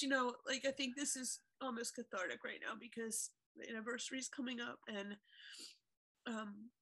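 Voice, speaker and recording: Podcast co-host: a chatty woman with a bright, forward tone, laughs easily. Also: a little high, creaky. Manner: chatty, laughs often, many fillers. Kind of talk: casual chat.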